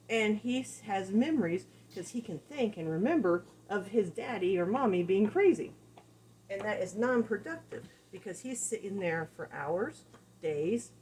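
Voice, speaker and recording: A woman dog trainer giving a casual lesson, animated and repeating key phrases as she acts out examples. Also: medium pitch, slight background noise. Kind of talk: casual teaching talk.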